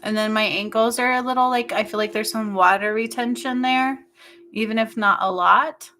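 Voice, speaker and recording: A woman leads an intuitive healing session in a soft, intimate voice that sounds bright and clear. She talks slowly and haltingly, drifting between thoughts with plenty of fillers, and her tone stays emotional throughout. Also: fairly high pitch, a little hiss or hum. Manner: slow, halting, meandering with many fillers. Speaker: spiritual healer.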